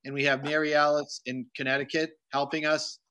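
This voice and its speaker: A man's voice: on the high side, level tone, fairly quick, bright, forceful tone. A man hosting a video call, joking around and reading out greetings from viewers. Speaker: host. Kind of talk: casual chat on a video call.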